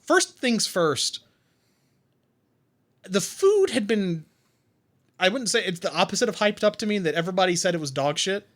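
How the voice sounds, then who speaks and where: A young man co-hosting a podcast, rambling and animated with lots of fillers and swearing. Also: high voice, normal speed, pauses often. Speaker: podcast co-host. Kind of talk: casual chat.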